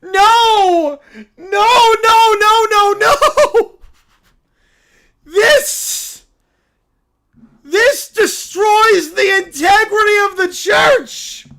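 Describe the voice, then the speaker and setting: A woman voicing a furious male bear cult leader who shouts and wails melodramatically. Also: very high-pitched, extremely slow, vocal fry, pitched above the performer's own voice, full character voice. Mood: outraged.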